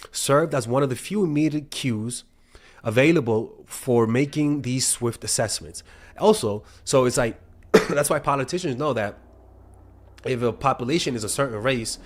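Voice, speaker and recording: A young man giving casual dating advice, swearing freely and often restarting his sentences. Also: mid-range voice. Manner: profane, storytelling, frequent restarts and stumbles. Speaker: dating coach. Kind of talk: casual talking-head advice.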